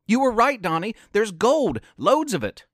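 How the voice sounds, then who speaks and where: A skeptical young girl explorer, as a man puts her on, her voice lifted high and swinging widely in pitch. She talks urgently in a storybook tale. The sound is dry and close. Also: sing-song, a little slow, a bit bright, no room sound, full character voice.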